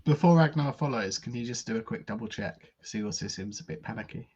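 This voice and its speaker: A man's voice: fairly low pitch, expressive, fast, a little mellow, breathy edge. A man playing a tabletop game, casually describing what his character does in the third person. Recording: dull lo-fi mic.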